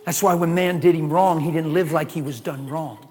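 A man preaching a sermon, animated, with shouted exclamations and laughing asides. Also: a little high, brisk, in a large hall.

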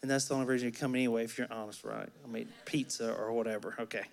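A man's voice: mid-range voice, fairly even intonation, very fast, gravelly. A man from Alabama with a Southern accent preaching a sermon in a church, folksy and joking with the congregation. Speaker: pastor. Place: church sanctuary.

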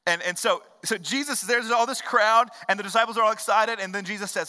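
A pastor preaches a sermon in a voice that sits high, recorded with long hall reverb. He's animated and conversational, tossing quick asides to the congregation.

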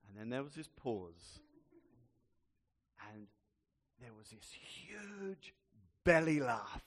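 A man giving a sermon, telling a story with measured, dry humour. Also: medium pitch, big pitch swings, fairly bright tone. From England. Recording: long reverb hall.

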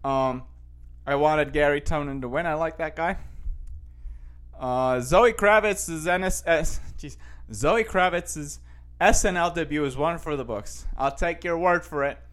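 A man's voice: on the high side, unhurried, a bit bright. A man hosting a casual show, rambling through news headlines with lots of fillers and restarts.

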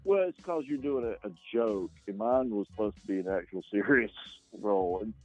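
Mellow-voiced man, hesitant, on a dull lo-fi line. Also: fairly low pitch, moderate pace, soft background music. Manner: hesitant, many ums and restarts. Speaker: actor, interview guest. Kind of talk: casual interview talk. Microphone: radio show microphone. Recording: dull, lo-fi sound.

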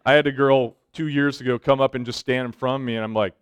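Guy preaching a sermon, smooth clear voice, dry close sound, goes loud then soft, cracks jokes. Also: medium pitch, steady tone, quick pace, no room sound. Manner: swings between loud emphatic lines and soft hushed ones, with joking asides. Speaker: pastor speaking to students.

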